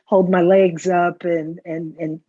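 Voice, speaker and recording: A woman's voice: lowish voice, flat delivery, takes it slowly, no room sound. A middle-aged woman, telling stories in casual chat and tagging her lines with "right?". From the Bronx, New York. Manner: chatty storyteller, tags lines with "right?". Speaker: customer guest. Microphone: video call. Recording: dull lo-fi video call audio.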